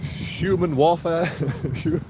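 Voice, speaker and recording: A man's voice: fairly high pitch, slow pace. A man vlogging as he walks outdoors. He rambles, swears, jokes and laughs at himself while talking to his viewers. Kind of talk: casual walking vlog, talking to viewers. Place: outdoors, walking through streets and a graveyard. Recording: loud wind noise on an outdoor mic.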